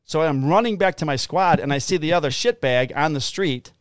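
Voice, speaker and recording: A middle-aged man, a police officer, telling a story in a casual, profane, animated way. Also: a little high, fairly quick, clean tone, no room sound, clean studio sound.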